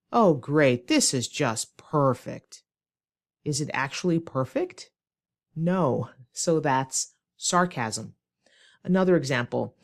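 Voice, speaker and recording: A woman English teacher, giving a clear, demonstrative lesson and acting out short example lines. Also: low voice. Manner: slow, clear, demonstrative delivery with acted examples. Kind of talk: scripted ESL lesson.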